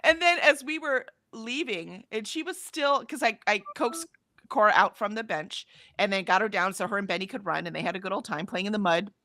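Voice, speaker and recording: A middle-aged woman talks on a live stream at a middle pitch, close to a dry mic with no room sound. She tells stories in an animated way, with plenty of ums and "right?", and voices the people in them. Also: brisk, no room sound. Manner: animated storyteller, acts out quotes, frequent ums and rights. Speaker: co-host of a writing sprint stream. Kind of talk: casual chat.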